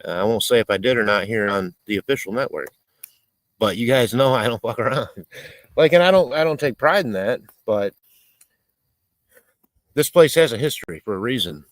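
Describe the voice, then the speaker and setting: Casual live-stream host, a rambling, cursing man, lively pitch, dry close sound. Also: normal speed, pauses often, no echo, rough recording. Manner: rambling, swearing, reading chat aloud. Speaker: livestream host. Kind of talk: casual live-stream chat while cooking outdoors. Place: outdoors in a rural area.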